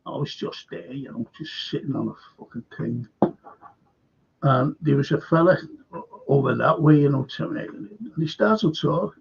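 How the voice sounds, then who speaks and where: Older scouse bloke telling stories on a stream, rough gravelly voice, lots of swearing, dull lo-fi sound. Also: male voice, fairly high pitch, normal speed. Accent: Liverpool. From Liverpool, England. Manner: swears freely, tells stories with frequent fillers. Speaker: host. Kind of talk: rambling anecdotal livestream chat.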